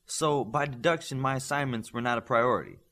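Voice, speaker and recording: A man's voice: medium pitch, a little fast, a bit bright, close to an everyday voice. A man voicing a proud, stern female teacher with a Scottish accent, dry and pointed in how she speaks. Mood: stern teacherly.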